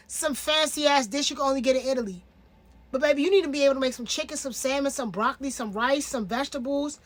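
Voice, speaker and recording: A young woman in her twenties talks through a reality show in loose, casual commentary. Her voice sits high and bright in pitch. She leans hard into emphasis and slang, never sounding scripted. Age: 20s. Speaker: reality TV reviewer.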